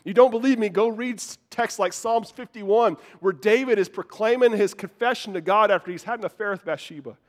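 Pastor, male, earnest conversational sermon, slightly higher voice. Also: fairly quick, hardly any pauses. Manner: earnest, conversational preaching with frequent restarts.

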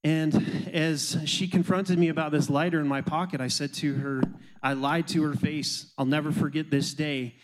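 A man's voice: fairly high pitch, fairly even intonation, normal speed, few pauses, noisy background. A man, a pastor, sharing his own testimony in a church service in an earnest, emphatic way. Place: church sanctuary.

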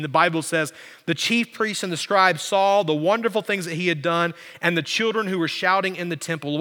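Male pastor, sermon delivery, swings between rising emphasis and quiet lows; sharp, high voice, long hall reverb. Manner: preaching with big swings in pitch and loudness.

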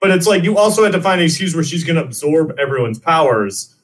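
A man's voice: fairly high pitch, animated, quick pace. A man co-hosting a casual movie podcast, rambling with fillers and laughing often. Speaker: podcast co-host.

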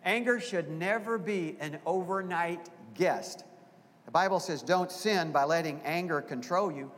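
A man's voice: sits high, a little slow, fairly bright tone. A man preaching a sermon as pastor, emphatic and repeating key phrases, often putting questions to the congregation. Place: church sanctuary. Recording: long hall reverb.

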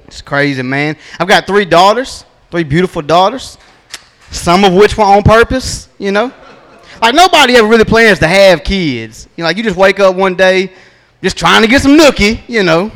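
High-voiced man doing stand-up. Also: animated, moderate pace, fairly bright tone. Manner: laid-back drawling storytelling with punchy asides. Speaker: stand-up comedian. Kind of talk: stand-up comedy set. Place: comedy open mic stage.

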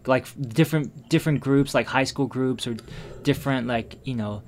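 Speaking at a medium pitch and moderate pace, a man tells a personal story in casual conversation. He sounds subdued and reflective, restarting often and using fillers that trail off quietly.

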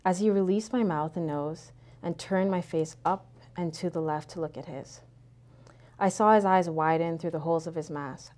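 A woman reads a first-person story aloud, her voice low and mellow. She keeps a measured pace and lets each phrase trail off softly. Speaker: narrator.

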